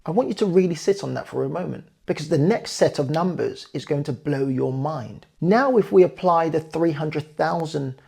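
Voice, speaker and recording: A man's voice: on the high side, normal speed, vocal fry, hardly any pauses, darkish tone, breathy edge. A man, a property investor, earnestly walking viewers through figures and speaking to them directly. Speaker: property investor and channel host. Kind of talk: explanatory talk to camera.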